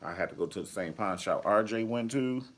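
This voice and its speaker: A man's voice: on the low side, brisk. A man reviewing a TV episode in a casual vlog, flamboyant, sassy and profane. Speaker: TV show reviewer.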